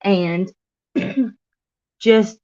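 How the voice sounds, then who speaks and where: A woman guest co-host on a livestream speaks in a mid-range voice. She talks in an excitable, rambling way and often restarts her sentences. Her audio sounds dull and lo-fi. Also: medium pitch, extremely slow. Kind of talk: casual livestream chat.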